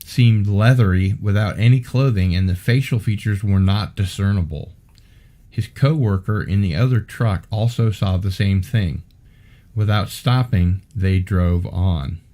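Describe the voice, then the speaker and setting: A man hosting a podcast interview, reading case reports aloud in a steady way and dropping dry, wry asides. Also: on the low side, unhurried. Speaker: podcast host.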